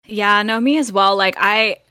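A woman's voice: medium pitch, measured pace, bright, forceful tone, smooth, dry recording, clean studio sound. A woman cohosting a podcast, giving opinions in a chatty, filler-heavy way. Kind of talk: casual chat.

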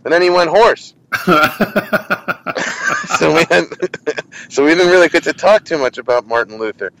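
A man who hosts a comedy interview podcast, telling stories in an animated, casual way with lots of restarts. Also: a little high, normal speed, gravelly, poor audio. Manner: animated, many restarts and quoted voices.

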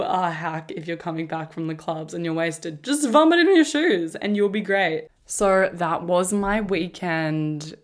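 Telling a story on her podcast, a woman with a fairly low voice keeps things loose and lively. Profanity comes easily to her, and she laughs throughout.

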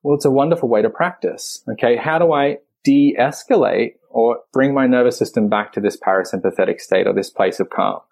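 A man's voice: mid-range voice, fairly quick, gravelly, hardly any pauses, darkish tone. A man who runs breathwork sessions, talking earnestly and enthusiastically in an interview, sometimes searching for words. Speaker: breathwork facilitator. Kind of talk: conversational explanation.

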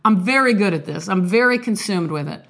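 A woman's voice: mid-range voice, animated, a little fast, a bit bright. A young woman with a cold, chatting in a rambling, candid, self-deprecating way before reading a poem aloud. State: sick, coughing. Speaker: artist vlogger. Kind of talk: casual confessional chat and poetry reading.

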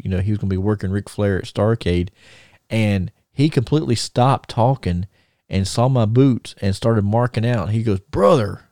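Gravelly low-voiced man telling stories. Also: warm tone, dry recording, clean studio sound. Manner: rambling with many fillers and restarts. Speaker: podcast co-host. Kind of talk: casual storytelling.

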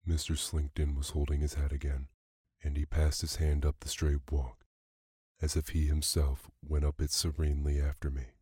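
A man narrates a classic story for listeners dozing off, keeping a calm, even pace. His voice is extremely deep and mellow, with almost no melody. The recording is close and dry. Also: normal speed, husky, no echo. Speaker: podcast narrator. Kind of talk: bedtime story reading.

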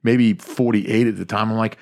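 A young adult man hosting a podcast, chatty and joking, getting animated when he retells his own stories. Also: on the low side, moderate pace, vocal fry. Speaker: podcast host. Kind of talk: casual podcast chat.

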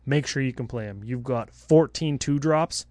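Animated man chatting card strategy, dry sound. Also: medium pitch, no room sound. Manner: animated, quick asides and jokes. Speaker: podcast co-host. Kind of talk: casual game-strategy chat.

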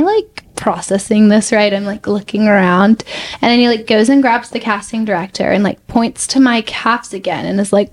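A woman in her twenties, a fashion model, telling stories in a casual podcast chat, chatty and full of "like". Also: medium pitch. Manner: chatty, heavy use of "like", animated retelling.

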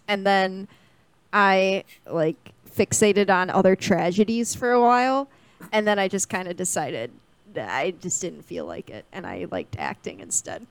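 A woman co-hosting a casual podcast who talks in an animated, jokey way and tells stories with exaggeration. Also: medium pitch, measured pace, smooth, no room sound. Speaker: podcast co-host. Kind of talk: casual chat.

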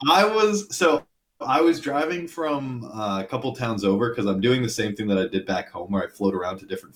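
A man co-hosting a casual podcast at an ordinary middle pitch. He tells stories in a profane, riled-up way. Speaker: podcast co-host. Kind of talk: casual chat. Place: lives in Maine.

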